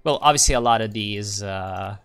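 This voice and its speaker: Hosting game commentary for his channel, this man talks at normal speed in a lowish, smooth voice with a fairly bright tone. He rambles loosely, mutters to himself, and curses whenever something goes wrong.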